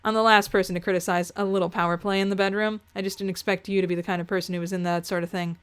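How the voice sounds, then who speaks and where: A woman's voice: mid-range voice, little pitch movement, very fast, clean tone. A woman reading a story aloud, theatrical and sarcastic, with asides to the listener. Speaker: reader reacting to fan fiction.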